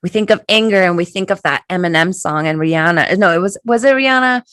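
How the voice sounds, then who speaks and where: A woman's voice: on the low side, quick pace, fairly bright tone, clean tone, no room sound. A middle-aged woman hosting a casual guided reflection talk, chatty and earnest, often checking in with "right?". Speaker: tarot shop host and spiritual guide.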